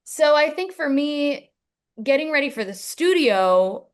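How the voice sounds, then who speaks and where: A woman's voice: high-pitched, sing-song, measured pace. Chatty young woman, full of fillers. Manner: rambling, many "like" fillers. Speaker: musician guest. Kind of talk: casual interview chat.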